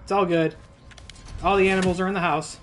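A man's voice: high voice, level tone, a little fast, a bit bright, slight background noise. A man streaming a video game, telling a rambling, profane story in casual live-stream chat.

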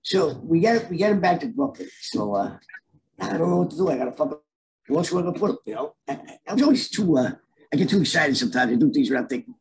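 Gravelly animated New storyteller man. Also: on the high side, fast talker, slight background noise, low-quality recording. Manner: animated, streetwise, acts out voices in his stories. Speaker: storyteller guest. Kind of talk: casual storytelling.

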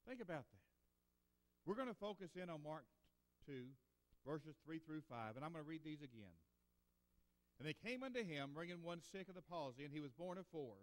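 Male preacher, high voice, earnest and emphatic, Sunday sermon in a church with long reverb. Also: expressive, fairly quick, pauses often. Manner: earnest, emphatic, swings between loud and hushed. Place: church sanctuary.

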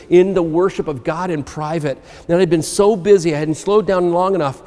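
His voice leans high with a darkish tone as he preaches from a church sanctuary, the sound carrying a long hall reverb. The pastor reads scripture and tells his personal story with real earnestness.

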